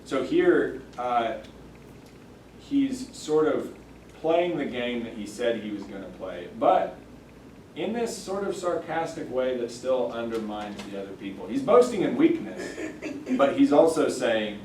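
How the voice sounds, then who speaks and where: A man teaching a church Sunday school class, thoughtful and halting, with many fillers and restarts. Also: mid-range voice, animated, a little mellow, slight background noise. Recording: echoey room, mic far off.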